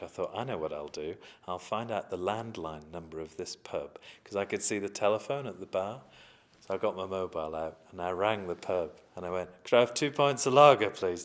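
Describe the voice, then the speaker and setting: Deep-voiced man reminiscing. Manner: chatty, self-mocking, chuckling asides. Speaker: interviewee. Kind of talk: oral history interview, anecdotal storytelling.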